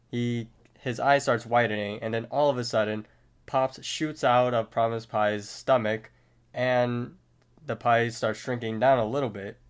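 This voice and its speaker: A man's voice: mid-range voice, smooth. A man co-hosting a podcast, steadily retelling a cartoon episode scene by scene in casual talk. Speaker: podcast co-host. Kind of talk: casual recap narration.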